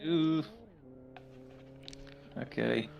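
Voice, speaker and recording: A man's voice: a little high, very slow, vocal fry, highs cut off, background noise. A man sim racing with friends, chatting casually with dry, understated humour. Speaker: co-driver on stream. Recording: faint background clicks.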